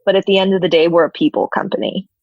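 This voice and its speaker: A woman with a fairly low voice, chatting as an interview guest in a loose, animated way, her talk full of "like" and "you know". The sound is dry and a bit dull, like lo-fi call audio. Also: quick pace, creaky, no room sound. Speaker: podcast guest, people and culture officer.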